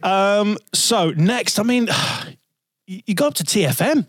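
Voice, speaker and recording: Hull guy hosting a chat podcast, slightly high voice, laughs and swears, dry mic. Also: animated, measured pace, no room sound. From Hull, England. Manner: candid, laughs, swears casually. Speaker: podcast host, former radio presenter. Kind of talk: casual chat.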